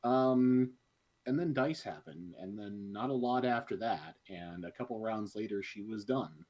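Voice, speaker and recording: A man recapping a game session in a halting way, full of filler sounds. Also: fairly low pitch, animated, darkish tone, low-quality recording. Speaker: player.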